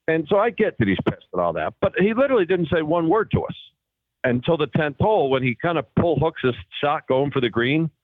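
Speaking over a phone line in a dry recording, a guest golfer with a slightly high voice talks fairly quickly as he recounts old tour stories. He brings them to life by performing the voices of everyone in them.

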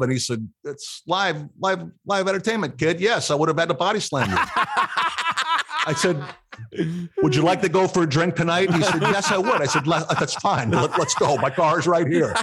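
An older man on a radio show telling a long story in casual chat, acting out the quotes with rising excitement. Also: fairly high pitch, a little fast, a crowd in the background. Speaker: radio guest.

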